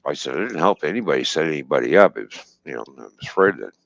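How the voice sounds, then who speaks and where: Male trucker, low voice with a wide swing, salty casual storyteller, dry lo-fi mic. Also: quick pace, creaky, no room sound. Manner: profane, laughing, animated retelling with quoted dialogue. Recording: dull lo-fi dry stream audio.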